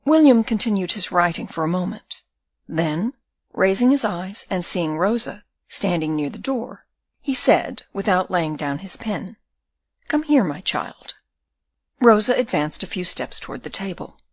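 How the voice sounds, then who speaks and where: A woman reading an audiobook with measured, even storytelling. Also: lowish voice, dry recording. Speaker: audiobook reader. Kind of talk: audiobook narration.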